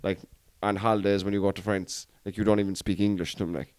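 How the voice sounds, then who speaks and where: A man's voice: on the low side, flat delivery, fast talker, a little mellow, clear, resonant tone, no echo. A young Irish man co-hosting a casual podcast chat, swearing and joking as he rants. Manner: swearing, jokey, ranting. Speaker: podcast co-host.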